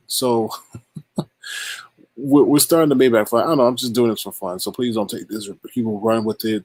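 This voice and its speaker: A man's voice: medium pitch, fairly even intonation, fairly quick, darkish tone, slightly rough, no room sound. A man hosting a casual livestream, talking loosely to his chat, repeating himself and greeting viewers. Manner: loose, repetitive, talks straight to chat. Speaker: livestream host.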